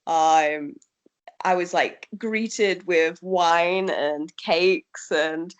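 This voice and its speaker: Easygoing woman musician, lowish voice. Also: drawn-out words. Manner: easygoing, chatty, laughs often, many ums. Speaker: rock band musician, interview guest. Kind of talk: casual interview chat.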